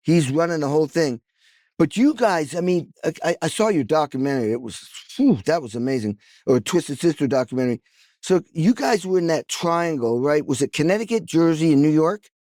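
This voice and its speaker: A man's voice: a little high, very animated, fairly quick, darkish tone, no echo. Drummer guy hosting a podcast, pumped-up rambling questions, dry room. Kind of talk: casual interview chat.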